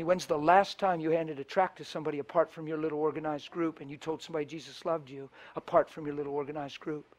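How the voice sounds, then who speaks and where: A man's voice: fairly high pitch, fairly even intonation, fast, hardly any pauses. A middle-aged man preaching a sermon, telling stories in a passionate, colloquial way and acting out the dialogue. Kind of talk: sermon storytelling.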